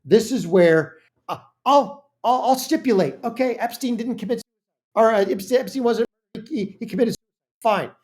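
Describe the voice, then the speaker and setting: A woman's voice: fairly high pitch, moderate pace, darkish tone. Brief: woman host of a reaction channel, indignant and emphatic, stumbles and restarts often. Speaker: political commentary host. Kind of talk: reaction commentary.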